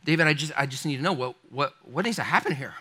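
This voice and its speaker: A man voicing a wise prophet, speaking quietly, gravely and with measured calm. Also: fairly high pitch.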